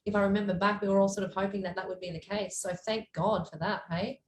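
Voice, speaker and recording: A woman's voice: medium pitch, steady tone, fast. A woman co-hosting a casual podcast, chatty and trailing off at the ends of her thoughts. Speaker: podcast co-host. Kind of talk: casual chat. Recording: echoey room, faint noise.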